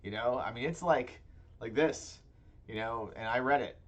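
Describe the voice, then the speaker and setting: A man's voice: mid-range voice, moderate pace. A man co-hosting a casual talk show, rambling playfully and trailing off into mumbles. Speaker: podcast co-host. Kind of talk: casual chat.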